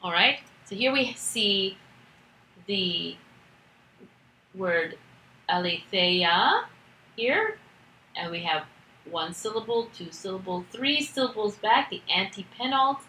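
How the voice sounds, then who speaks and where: A woman's voice: medium pitch, animated, slow pace, long pauses, pushed and bright, echoey room, rough recording. A woman teaching a recorded grammar lesson, explaining step by step with patience and the odd filler. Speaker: Greek teacher.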